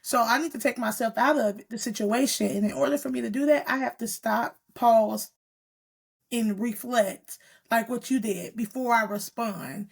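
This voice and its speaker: A woman hosting a candid conversation, her voice gravelly and rough around the edges, with a raised pitch for a woman. She talks earnestly and thinks aloud, often going back over her own words.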